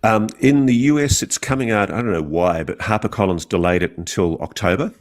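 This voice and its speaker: A middle-aged Australian man, an author answering interview questions in an earnest, measured way that sometimes halts and restarts. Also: fairly low pitch. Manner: earnest, measured, slightly halting. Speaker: guest author.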